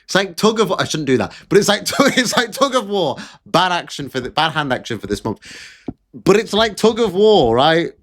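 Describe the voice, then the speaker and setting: Male commentator, higher-pitched voice, sarcastic mocking rant delivery. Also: big pitch swings, moderate pace, slight background noise. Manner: sarcastic, mocking, repeats phrases for effect. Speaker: political commentator. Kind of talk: casual ranting commentary.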